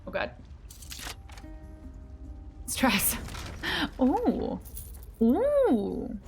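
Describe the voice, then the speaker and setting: A woman streams a game and chats casually with her viewers, bubbly and giggly, while soft music plays in the background. Her high-pitched voice swings hugely in pitch and comes out extremely slow, gravelly and a little mellow.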